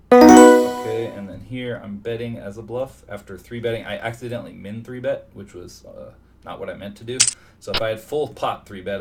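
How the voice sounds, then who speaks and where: A man with a gravelly voice on the low side gives live commentary on his own online poker game, muttering to himself and thinking aloud at his computer. The recording comes from a distant mic with steady noise in the background.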